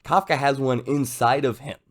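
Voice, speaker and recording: A man's voice: medium pitch, moderate pace. A young man talking casually and enthusiastically as he reviews a manga chapter. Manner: enthusiastic, conversational, loud jumps when excited.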